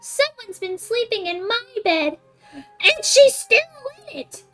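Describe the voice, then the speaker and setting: A woman voicing a small baby bear cub in a storybook reading, high and squeaky, close to tears. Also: sing-song, slow pace, fairly bright tone, soft background music, full character voice, poor audio. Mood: squeaky, upset.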